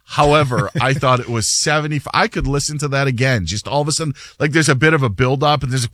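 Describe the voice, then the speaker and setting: A man's voice: medium pitch, quick pace, few pauses, no echo, clean studio sound. A middle-aged man hosting a sports radio show, telling stories in casual chat and laughing often. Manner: animated, laughing storyteller.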